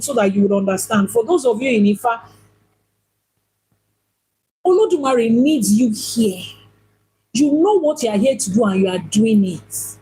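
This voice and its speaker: An Ifá priestess teaches on spiritual matters in a husky, fairly high, darkish-toned voice. She speaks emphatically and often repeats a phrase to hammer the point home. The audio is poor.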